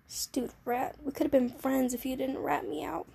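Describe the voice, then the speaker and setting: Gravelly high-voiced woman gamer. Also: fairly even intonation, moderate pace, hardly any pauses, dark tone. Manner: casual, wry asides. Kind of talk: let's play commentary.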